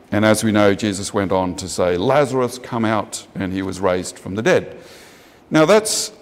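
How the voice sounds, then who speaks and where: A man with an Australian accent preaching a sermon in a conversational way, jumping up in pitch for emphasis and often restarting his sentences. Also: a little mellow. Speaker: pastor. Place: church. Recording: long church reverb.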